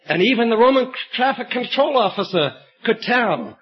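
A man preaching a sermon, telling an illustrative story and reading scripture with emphatic storytelling and bursts of shouted emphasis, on a dull lo-fi recording. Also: very high voice, animated, normal speed, slightly rough.

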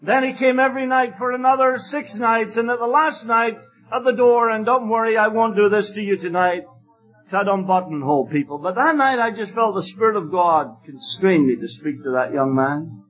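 A man delivers an evangelistic sermon, telling stories with fervor and emphasis and sometimes breaking into loud exclamations. His voice sits high at a normal speed, and the sound is lo-fi.

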